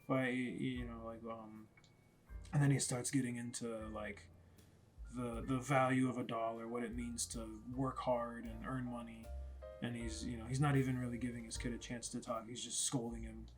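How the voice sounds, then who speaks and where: A man's voice: medium pitch, flat delivery, a little fast, faint music behind. A man casually retelling a story in a rambling, conversational way, correcting himself as he goes.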